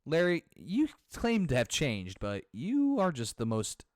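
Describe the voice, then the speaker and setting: A man voicing a stern, cold male prosecutor with a deep, clipped, disdainful delivery while reading game dialogue aloud. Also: huge pitch swings, unhurried, darkish tone, no room sound, studio quality.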